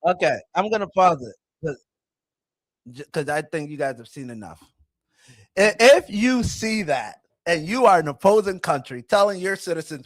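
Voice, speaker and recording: A man in his thirties hosting a casual commentary vlog, talking in an excitable, rambling way with frequent restarts. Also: sits high, normal speed, no room sound. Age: 30s. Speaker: host.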